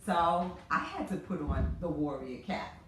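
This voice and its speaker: A woman's voice: lowish voice, big pitch swings, unhurried, slight background noise. A middle-aged woman, a guest in a casual chat, talking in an earnest, reflective way. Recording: echoey room, mic far off.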